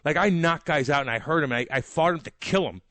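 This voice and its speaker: A man on sports radio, ranting in a heated, rambling way with casual swearing. His voice sits a bit high and sounds dry and close in a studio. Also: fast talker, a bit bright, no echo. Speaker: sports radio co-host, former hockey player.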